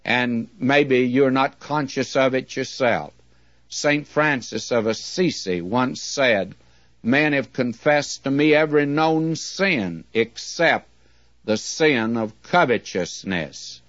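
A man preaching a sermon in a measured, earnest way, with slow, emphatic readings. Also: medium pitch, fairly bright tone, dry recording. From United States. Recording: dull, dry lo-fi recording.

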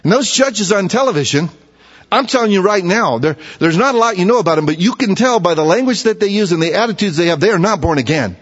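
A man's voice: sits high, expressive, fast, husky. A man preaching a sermon as pastor, conversational, with rhetorical questions and repeated words. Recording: dull, echoey church hall recording.

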